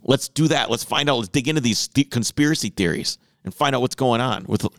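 A man co-hosting a casual podcast, animated and laughing often as he talks. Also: mid-range voice, a little fast, dry recording, studio quality. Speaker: podcast co-host. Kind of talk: casual chat.

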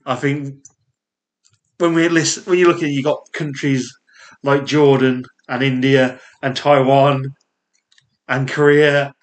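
A man with a Yorkshire accent chatting on a casual podcast in a voice of middling pitch. He rambles cheerfully through asides and laughs often. He is recorded on a podcast mic. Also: fairly even intonation, slow, pauses often. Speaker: podcast co-host.

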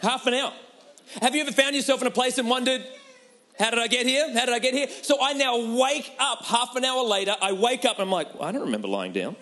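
A man's voice: very high-pitched, fast, bright, forceful tone. A man preaching a humorous sermon, telling a personal story with laughter and a repeated rhetorical question.

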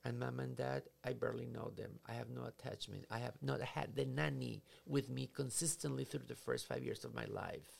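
A psychotherapist explaining ideas in conversation, acting out scenarios in quoted voices. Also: male voice, mid-range voice, lively intonation, normal speed, vocal fry, few pauses. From Latin America.

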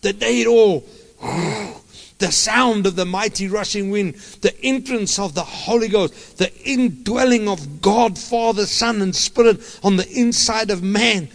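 High-voiced guy preaching, fired up, stumbles and restarts a lot, long hall echo. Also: vocal fry. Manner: impassioned, halting with many restarts. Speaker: pastor. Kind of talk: sermon.

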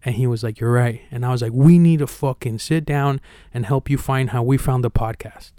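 A male podcast host talking openly in a relaxed, slangy way and swearing freely. His voice is smooth and clear, in a dry, close recording with no room sound. He jumps into lively impressions when he retells a conversation. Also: medium pitch, a little fast, no room sound. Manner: candid, swears casually, slangy; acts out retold dialogue with energy.

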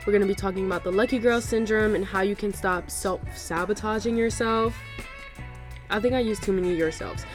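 A woman's voice: medium pitch, brisk, faint music behind. A woman in her twenties hosting a casual solo podcast, chatty and full of "like" and "y'all". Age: 20s. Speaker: podcast host.

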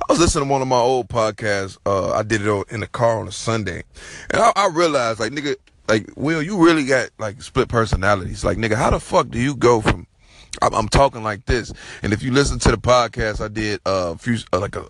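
A man's voice: lowish voice, vocal fry, a bit bright, dry recording. A man hosting a solo podcast, talking in a casual, slangy, profane and rambling way. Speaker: podcast host.

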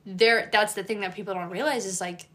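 A woman dog trainer hosting a casual chat, animated, swearing freely and acting out what dogs would say. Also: mid-range voice, fairly quick. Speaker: dog trainer and podcast host.

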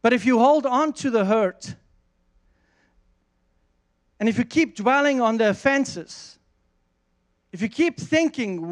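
A man preaching a sermon, reading verses and telling a lively personal story with frequent restarts. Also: very high voice, slow, long pauses. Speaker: pastor.

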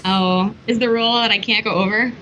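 A woman in casual chat, animated and exclamatory, cursing freely. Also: mid-range voice, fairly quick. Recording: dull recording with faint hiss.

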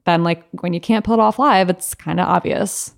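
Young woman on a podcast, kinda low voice, easygoing and agreeable. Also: gravelly. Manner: agreeable, quick to back up her partner. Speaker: podcast co-host. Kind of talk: casual chat.

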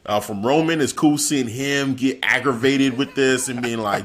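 A man's voice: medium pitch, moderate pace. A man in casual chat, recapping a wrestling show with laughs and acted-out quotes. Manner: animated, laughing, acting out quotes. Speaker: wrestling podcast co-host.

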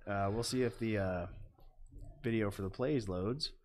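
A man co-hosting a podcast in casual chat, easygoing and quick to laugh. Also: on the low side. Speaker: podcast co-host.

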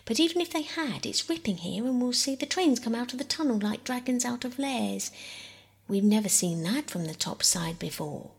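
A woman's voice: on the high side, expressive, moderate pace, vocal fry, breathy edge, pitched above the performer's own voice, heavily acted. A woman voicing Bobbie, an eager, enthusiastic girl, in a storybook reading. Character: eager older girl Bobbie, warm and keen.

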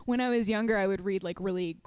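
A woman's voice: mid-range voice, quick pace, clear, resonant tone, no echo. A young adult woman co-hosting a podcast, telling stories with laughter in casual chat. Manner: animated, laughing storyteller. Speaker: podcast co-host.

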